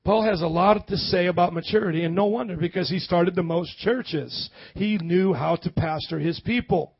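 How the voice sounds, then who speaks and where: Midwest pastor guy preaching, high voice, dull dry lo-fi sound. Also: normal speed, vocal fry, breathy edge, no room sound. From American Midwest. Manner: animated, calls for congregation responses. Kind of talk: sermon.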